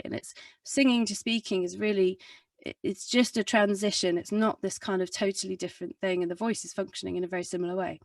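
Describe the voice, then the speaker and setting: A woman's voice: mid-range voice, fairly even intonation, quick pace, vocal fry, no room sound, recorded from a distance. A young adult woman, a singer and vocal coach, explaining in a rambling, chatty way with lots of fillers and self-corrections. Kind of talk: casual explanatory talk in a video interview.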